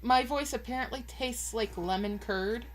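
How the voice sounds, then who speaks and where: A woman's voice: a little high, moderate pace. A woman hosting a stream, chatting casually with a blunt, teasing manner. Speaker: streamer host.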